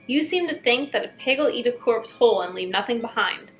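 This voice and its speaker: A woman voicing an ancient, menacing male pig farmer who talks in a gruff, mocking way. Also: on the high side, lively intonation, brisk, a bit bright, soft background music.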